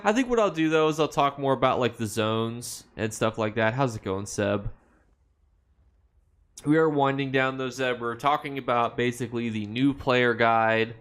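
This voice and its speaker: A man's voice: mid-range voice, smooth. A young American man hosting a casual game livestream, reading viewer comments aloud and rambling through loose, filler-heavy answers with easy laughs. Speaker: livestream host.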